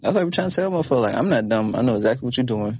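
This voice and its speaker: A young man in his twenties with a husky, slightly rough voice, co-hosting a casual podcast. His delivery is lively and animated, jumping up and down in pitch as he tells stories and argues his point with plenty of swearing. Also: racing. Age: 20s. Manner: animated storytelling, swearing, laughs. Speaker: podcast co-host. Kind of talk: casual chat.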